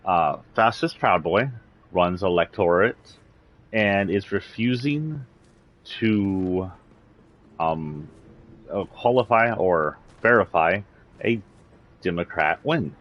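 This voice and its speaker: A man's voice: sits low, expressive, a little slow, highs cut off. A man from Texas with a slight Southern accent, delivering a blunt, indignant political rant on a livestream, swearing freely. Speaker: political commentator.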